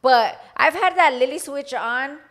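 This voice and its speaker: A woman's voice: sits high, unhurried. A woman in her thirties co-hosting a podcast, telling a story in casual chat and acting out other people's voices, slipping in Spanish phrases. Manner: animated storytelling, acts out quoted voices, mixes in Spanish phrases. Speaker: podcast co-host.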